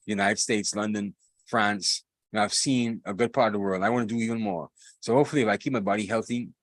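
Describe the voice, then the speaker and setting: A man's voice: medium pitch, a bit bright, dry recording. A man hosting a live podcast, talking in a casual monologue, emphatic and repeating phrases for force. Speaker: podcast host.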